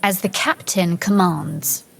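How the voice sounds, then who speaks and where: A woman's voice: lowish voice, fairly even intonation, takes it slowly, creaky, slightly rough, exaggerated voice. A woman playing an earnest young noblewoman in a video game cutscene. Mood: urgent. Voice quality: urgent, earnest.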